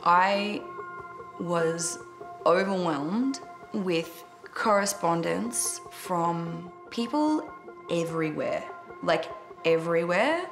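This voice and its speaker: An Australian woman, a singer, talking candidly in an interview, with a light stutter and some self-mocking laughs. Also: mid-range voice. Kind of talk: reflective interview.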